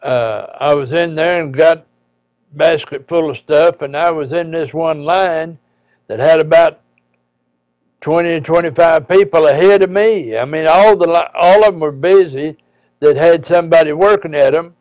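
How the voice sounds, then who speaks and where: A man, a preacher, telling a personal story in a folksy, halting way with frequent pauses and restarts. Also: fairly high pitch, darkish tone, no room sound.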